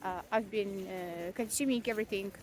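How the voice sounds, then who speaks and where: A woman's voice: medium pitch, normal speed, a little mellow. A young mother venting in a casual, rambling vlog, frank and self-mocking, with frequent swearing and fillers. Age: young adult. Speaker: vlogger, mother.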